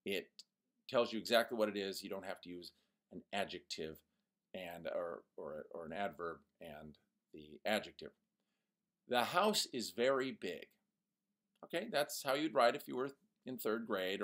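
A man with a low voice and moderate pace teaches a poetry lesson to young students. He is animated and mock-ironic, reading the example lines in a sing-song voice.

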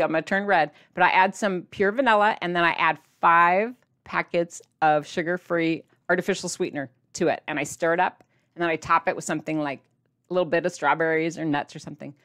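A woman talking straight to her viewers in a casual vlog, chatty and playful, with sudden jumps in pitch for emphasis. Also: fairly bright tone. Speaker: diet vlogger addressing viewers.

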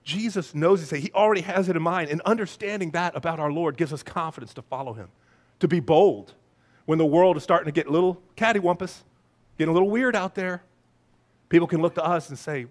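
A man preaching a lively, playful sermon as pastor, breaking into shouts and silly voices. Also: on the high side, fairly quick.

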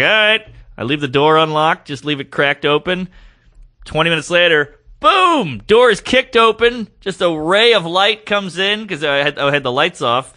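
Bright-voiced man telling a comic story. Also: a little high. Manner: animated, acts out quoted lines in varied voices. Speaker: guest comedian.

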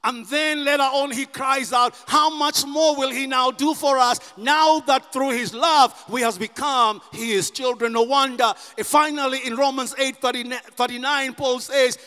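A man preaching a sermon as pastor, impassioned and rising to shouts. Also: very high-pitched, long reverb tail. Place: church.

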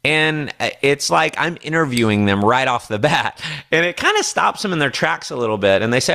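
A man's voice: mid-range voice, lively intonation, brisk, gravelly. A man giving a motivational sales training talk, confidently acting out his prospecting lines. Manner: confident, acts out sales dialogue in a brighter voice. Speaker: network marketing trainer.

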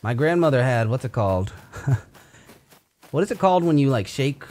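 A man's voice: animated, normal speed, a little mellow. A young man giving casual commentary while playing a game, laughing often and yelping in panic. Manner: giggly, bursts into high panicked yelps. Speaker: gaming streamer.

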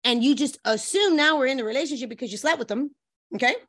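High-voiced, animated woman relationship coach. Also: fast talker. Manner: lively, breaks into playful quoted voices. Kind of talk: animated advice chat with acted-out quotes.

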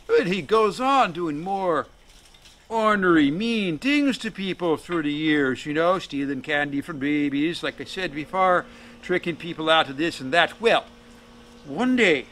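A man's voice: on the high side, fairly bright tone. A man telling a folk tale to an audience in a folksy, jokey way, with asides to his listeners. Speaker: storyteller.

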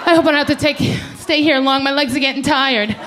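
A woman in her thirties tears through a stand-up set on a club stage. Her voice sits high and she talks in a brash, animated way, throwing herself into loud quoted voices. A faint hum of room ambience sits behind her. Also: fast talker. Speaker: stand-up comedian.

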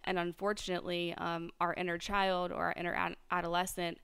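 A young adult woman hosts her own podcast alone, musing aloud and circling back on her thoughts with plenty of fillers. Her voice is very smooth and clean, pitched a little low and held fairly level. It is recorded close and dry, with no room sound. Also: flat delivery, fairly quick, a bit bright, dry recording. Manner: reflective, rambling, many fillers and restarts. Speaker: podcast host. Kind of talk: solo podcast monologue.

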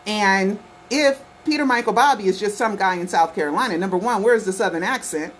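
Speaking a little fast in a mid-range voice, a woman talks casually to her camera at home for her conspiracy documentary vlog. She keeps repeating her points insistently and fills the gaps with "okay" and "right," with slight background noise audible.

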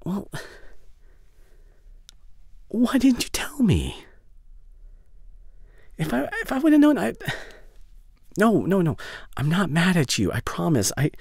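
A man voicing a caring young male best friend in a whispered role-play, speaking softly and haltingly with emotional reassurance. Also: high-pitched, very animated, gravelly, husky, no room sound, clean studio sound, exaggerated voice. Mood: gentle. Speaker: ASMR voice actor. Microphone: studio condenser mic.

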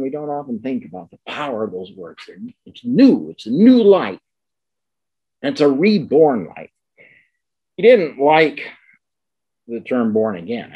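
An older man giving an academic lecture, emphatic, repeating key words and slowing down to stress them. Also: medium pitch, breathy edge, dull audio.

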